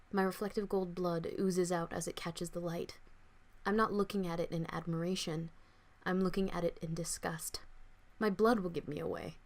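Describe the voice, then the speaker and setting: A young woman author reads her own fiction aloud, performing the first-person story in an expressive, dramatic audiobook style. Her voice is fairly low-pitched.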